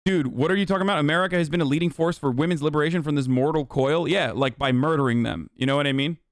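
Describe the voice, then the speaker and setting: A man tears into a topic on his stream with heated, profanity-laced commentary. His voice sits fairly high for a man. The sound is close and dry, with no room echo. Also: fast talker. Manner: profane, angry ranting.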